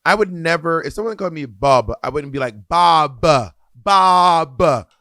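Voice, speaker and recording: A man's voice: on the high side, animated, quick pace, fairly bright tone, dry recording. Argumentative man co-hosting a podcast, dry sound. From Georgia, USA. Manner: argumentative, rambling with many restarts. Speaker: podcast co-host. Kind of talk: casual banter.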